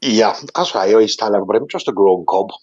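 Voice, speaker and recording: A man, co-hosting a casual livestream over call audio, easygoing and quick to joke about himself. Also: fairly low pitch, darkish tone, dull audio, a little hiss or hum. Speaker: co-host. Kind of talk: casual chat.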